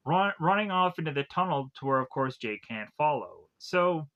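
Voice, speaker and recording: Bright-voiced man rambling through a plot recap. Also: on the high side, lively intonation, muffled recording. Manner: rambling, filler-heavy retelling with quick acted quotes. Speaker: film reviewer.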